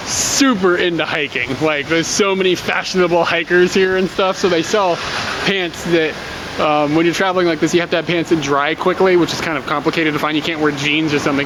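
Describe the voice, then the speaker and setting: A man with a slightly high voice rambles to the camera in a travel vlog, stacking up "like"s and restarting his sentences. Clear street and traffic noise runs behind him outdoors. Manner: rambling, lots of "like" and self-corrections. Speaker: travel vlogger. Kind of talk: casual vlog talk to camera.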